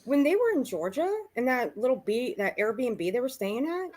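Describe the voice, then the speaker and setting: Animated gossipy woman on a panel. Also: on the high side, moderate pace, a little hiss or hum. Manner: gossipy, mimics people she talks about. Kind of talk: casual live panel chat.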